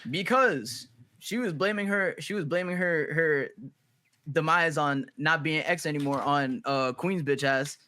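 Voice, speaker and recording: A man's voice: a little high, measured pace, pushed and bright, smooth. A man co-hosting a podcast in casual chat, heated and blunt, swearing freely.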